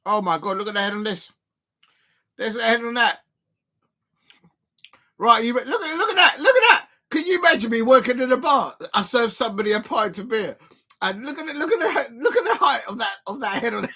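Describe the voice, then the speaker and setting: Excitable man reacting live, bright tone. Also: very high voice, a little fast, long pauses. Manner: excitable, swings from joking to despairing outbursts. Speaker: football fan channel host. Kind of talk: live watch-along reaction.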